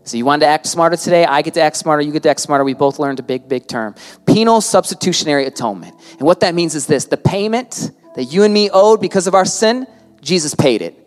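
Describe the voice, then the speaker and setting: A man preaching a sermon in a church hall, telling stories in a lively way, quoting others and playing with words. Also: fairly high pitch, fast, faint music behind. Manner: lively storytelling, quotes others, plays with words.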